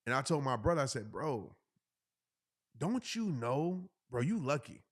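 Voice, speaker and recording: A man's voice: medium pitch, sing-song, measured pace. A man, casually telling a funny story and acting out the voices of the people in it. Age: 30s. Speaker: motivational speaker telling a story.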